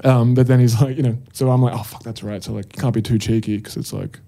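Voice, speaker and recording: A man with an Australian accent, co-hosting a podcast and telling a story in relaxed banter, full of fillers and swearing. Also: mid-range voice, quick pace, vocal fry. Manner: laid-back, swearing, storytelling with lots of fillers. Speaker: podcast co-host. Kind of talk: casual banter.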